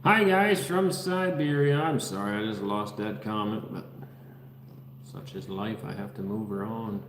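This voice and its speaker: A man's voice: lowish voice, flat delivery, normal speed, roomy sound, big-room sound, noisy background. A man from the Netherlands hosting a casual livestream from an unfinished house, reading viewers' comments and names aloud in an easygoing way. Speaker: livestream host. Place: unfinished house under construction.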